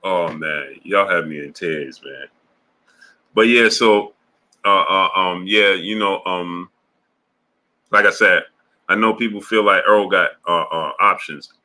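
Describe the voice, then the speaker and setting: A man hosting a boxing livestream, reading chat messages aloud in a casual style, laughing hard with drawn-out exclamations and playful voices for the lines he quotes. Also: low voice, sharp tone.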